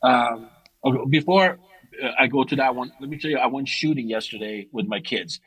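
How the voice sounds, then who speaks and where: The recording is rough though free of echo, and the speaker's voice is fairly quick and a little rough. He's a middle-aged martial arts teacher on a podcast, talking casually and with animation, frequently restarting sentences and rising in pitch when emphasizing something in his stories.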